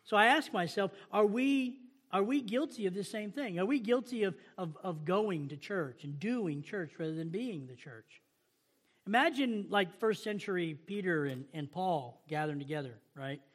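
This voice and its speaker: A man's voice: high voice, lively intonation, normal speed. A male pastor preaching a sermon, reading scripture aloud and asking the congregation rhetorical questions in a conversational way.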